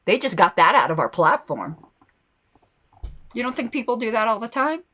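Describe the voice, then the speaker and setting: A woman's voice: a little high, big pitch swings, moderate pace, pushed and bright. A woman hosting a political commentary show, talking casually and reacting to viewer comments and ads. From United States.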